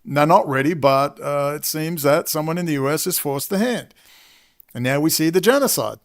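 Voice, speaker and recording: A man's voice: on the high side, fairly quick, creaky. A man ranting as a commentator in an angry monologue, swearing and saying he is exhausted. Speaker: political commentator.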